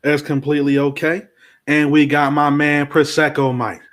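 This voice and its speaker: A man's voice: fairly high pitch, flat delivery, moderate pace, a bit bright. A man hosting a podcast, playfully introducing his co-hosts in casual banter. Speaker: podcast host.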